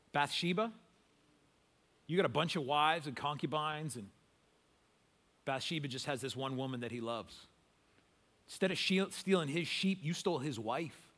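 A man voicing an ancient prophet who calmly and firmly confronts a king. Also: a little high.

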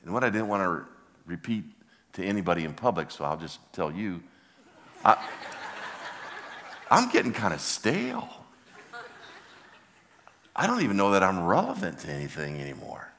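An older man preaching a sermon, telling a heartfelt story with halting restarts. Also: sits low, very animated, fairly bright tone. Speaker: pastor. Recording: long reverb of a large hall.

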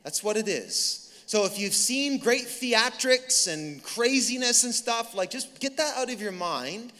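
A man in his thirties preaching a sermon, talking casually and telling a story in animated bursts with quick restarts. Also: very high-pitched. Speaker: pastor. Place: large church hall. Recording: reverberant hall.

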